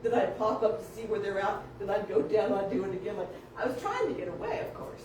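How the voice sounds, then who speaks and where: A woman's voice: mid-range voice, fast, noisy background. Woman telling a story in a distant echoey room. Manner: animated, acts out quoted voices, laughs often. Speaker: family member telling stories. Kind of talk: casual storytelling.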